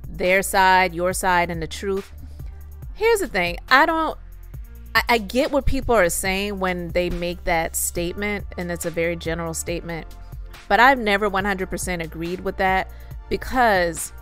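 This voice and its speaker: A woman hosting her own channel, giving a measured, earnest commentary monologue that explains her views at length. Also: medium pitch, a bit bright, smooth. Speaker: YouTube channel host.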